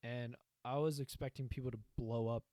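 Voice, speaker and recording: A man's voice: medium pitch, fairly even intonation, moderate pace, warm tone, dry recording. A young man co-hosting a podcast in casual chat, rambling, swearing and acting out scenes. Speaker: podcast co-host.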